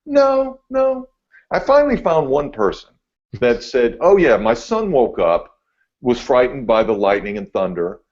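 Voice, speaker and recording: A laid-back man, a TV meteorologist, telling a story on a podcast, getting animated as he goes. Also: medium pitch, moderate pace. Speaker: TV meteorologist guest. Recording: dull lo-fi audio.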